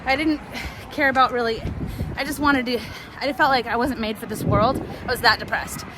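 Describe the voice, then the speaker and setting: A woman telling a rambling personal story out loud while she walks outdoors, full of fillers and restarts. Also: on the high side, fairly even intonation, moderate pace. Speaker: vlogger. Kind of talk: casual storytelling while walking. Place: outdoors on a city street. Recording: loud street noise around.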